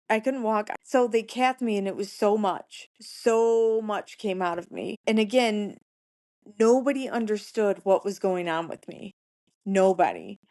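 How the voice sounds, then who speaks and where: A woman guest on a podcast, earnestly recounting a personal ordeal in plain words, repeating phrases for emphasis. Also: mid-range voice. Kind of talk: recounting a personal story in conversation.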